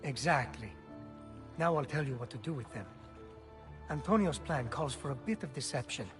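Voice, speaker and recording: A man's voice: medium pitch, animated, normal speed, over music, lightly acted. An actor playing a businesslike male thief lieutenant who briefs the hero on a plan in a game cutscene. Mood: briefing. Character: male Venetian thief lieutenant, brisk planner. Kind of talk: video game cutscene dialogue.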